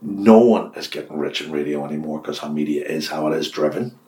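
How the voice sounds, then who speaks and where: An older Irish man, a radio host, telling long anecdotes in an interview and acting out the dialogue with lively swings in his voice. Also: fairly quick. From Ireland. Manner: lively storyteller, acts out quoted dialogue with big pitch jumps. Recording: roomy echo.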